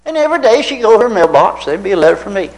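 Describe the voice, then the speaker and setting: Older male preacher in his seventies, from Tennessee; folksy storyteller, high and animated voice, asks his congregation questions. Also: rapid-fire, rough recording. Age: 70s. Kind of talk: anecdotal sermon.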